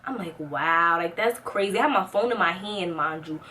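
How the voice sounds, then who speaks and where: Young new woman doing a storytime vlog, super animated, a bit off mic. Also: normal speed, far from the mic, slight background noise. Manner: animated, acts out quotes with rising pitch. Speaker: vlogger.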